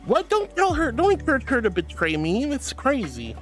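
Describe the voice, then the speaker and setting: A man streaming as a VTuber from home on a headset mic, reading chat aloud and answering with affectionate, playful warmth. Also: sits high, wildly swooping pitch, normal speed, soft background music. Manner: affectionate and playful, calls viewers sweetheart.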